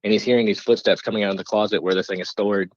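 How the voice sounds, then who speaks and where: A podcast host, a man, spins a casual story with lively energy and quick laughs. His voice sits on the low side. The recording is dull and lo-fi, with no room echo. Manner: animated, laughs while telling a spooky story.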